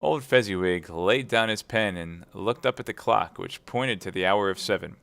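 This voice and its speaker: A man reading a classic novel aloud at speedrun pace, brisk and steady. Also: lowish voice, creaky, dry recording. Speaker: reader.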